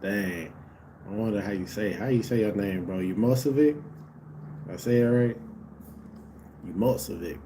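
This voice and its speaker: A man's voice: on the low side, brisk, mellow, a little hiss or hum. A man casually commenting on a live basketball game for his stream viewers, laid-back and slangy, talking straight to them.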